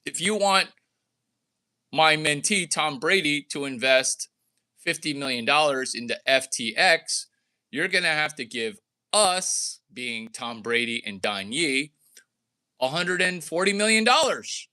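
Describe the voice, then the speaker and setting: A man's voice: lively intonation, unhurried, bright, forceful tone. A man giving a brash, rambling monologue about deals and money, jumping between mock voices and his own. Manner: brash, provocative, jumps between wild pitch swings and mock voices. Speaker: entrepreneur vlogger.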